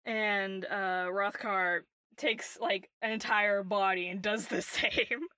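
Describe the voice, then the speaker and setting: Slow-talking woman game master. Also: mid-range voice, clean tone, dry recording. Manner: relaxed, filler-heavy, giggly. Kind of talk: narrating a tabletop game.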